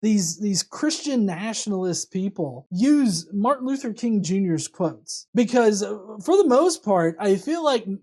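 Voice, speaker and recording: A woman's voice: medium pitch, a little mellow. A woman hosting casual commentary, sarcastic and profane. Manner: sarcastic, profane, swooping delivery. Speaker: host.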